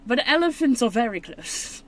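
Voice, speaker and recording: A woman chatting casually as she opens trading cards on camera, rambling and mocking herself, with sudden high excited squeals. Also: normal speed, a little hiss or hum. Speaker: channel host. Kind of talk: casual card-opening video.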